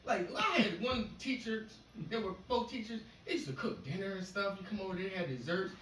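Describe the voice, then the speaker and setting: A man rambles through profane stories in a relaxed stand-up set, his voice riding fairly high. He is caught from a distance in an echoey room, with clear noise behind him. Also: fairly quick. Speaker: stand-up comedian. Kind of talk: casual storytelling stand-up. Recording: echoey room, far mic, noisy.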